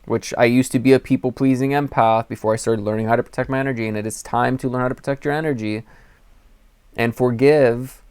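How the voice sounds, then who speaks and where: A young man who hosts a spiritual advice channel talks earnestly to camera, giving personal advice in a rambling way and acting out quotes. His mid-range voice is steady, quick, a little mellow, clear, and resonant, with no echo.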